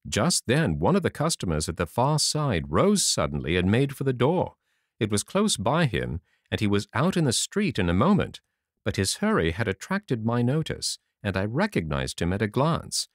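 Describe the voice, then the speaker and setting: A man reading a classic adventure story aloud, his pitch swooping widely through every sentence. His delivery is animated and theatrical, recorded close with a dry, dead sound. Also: dry recording. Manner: expressive, lively storytelling. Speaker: audiobook narrator.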